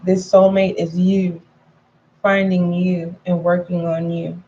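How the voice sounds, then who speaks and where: A woman's voice: lowish voice, monotone, takes it slowly, a little mellow, highs cut off, slight background noise. A woman giving a casual tarot reading to her viewers, chatty and frank, calling them pet names and repeating points for emphasis. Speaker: tarot reader.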